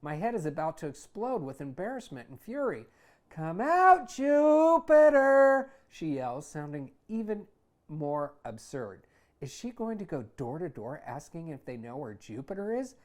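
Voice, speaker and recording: A man who hosts a show, reading his own memoir aloud in a conversational, wry way that gets animated in heated passages. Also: fairly high pitch, normal speed. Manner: conversational, wry, animated when retelling anger. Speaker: author and host.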